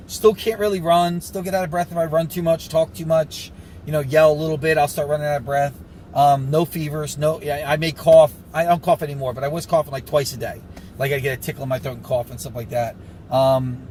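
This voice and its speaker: A man's voice: mid-range voice, darkish tone, slight background noise, low-quality recording. A man ranting casually to camera, rambling and sarcastic with lots of asides, a little short of breath. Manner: rambling, sarcastic, fast-talking with frequent asides. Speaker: vlogger recovering from covid.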